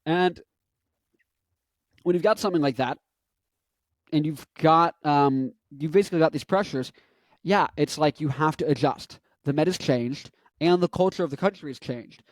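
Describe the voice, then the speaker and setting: A man's voice: a little high, normal speed, long pauses, no echo, clean studio sound. A man in his twenties giving casual, rambling commentary with goofy asides and self-promotion. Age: 20s. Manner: goofy, jumps between topics and bits. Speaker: vlogger and rock musician.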